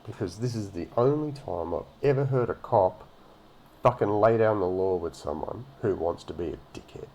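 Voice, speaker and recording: A man's voice: lowish voice, animated, moderate pace, mellow. A man giving a profane, mocking rant as he comments on a video. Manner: ranting and mocking, heavy swearing. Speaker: reaction commentator.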